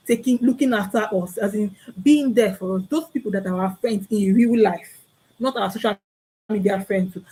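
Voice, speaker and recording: Earnest young Nigerian woman, husky. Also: mid-range voice, darkish tone, rough recording. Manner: earnest and preachy, repeats key phrases, acts out little dialogues. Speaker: vlogger. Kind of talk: heartfelt talk to camera.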